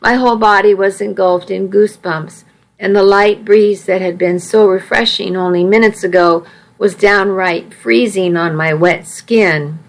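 A woman narrates a first-person story with a wry, self-mocking touch. She reads slowly and evenly at a middle pitch, with a noticeable gravelly fry at the ends of her phrases. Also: fairly even intonation, rough recording. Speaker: audiobook narrator.

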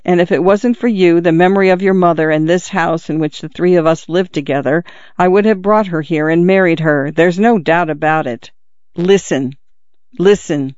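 A man's voice: on the high side, a little mellow, no echo, lightly acted. Man narrating as a wounded father, middle-aged, pained, out of breath, urgent, confiding, dry muffled sound. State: in pain, out of breath.

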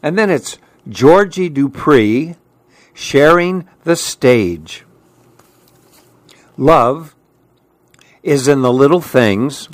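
Man, radio story host, reads children's books aloud, slow and gentle, dry studio sound. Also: medium pitch, animated, dry recording. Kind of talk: reading aloud picture books.

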